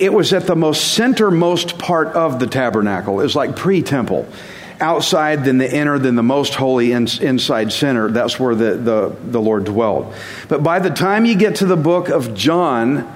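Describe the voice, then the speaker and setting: Man, casual sermon, conversational, self-deprecating, mid-pitched, long reverb. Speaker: Bible teacher.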